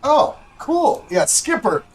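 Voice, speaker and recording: Chatty high-voiced male game streamer. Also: sing-song, takes it slowly, rough recording. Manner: rambling, chatty, talks to viewers while playing. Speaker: livestream host. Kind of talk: casual gameplay commentary.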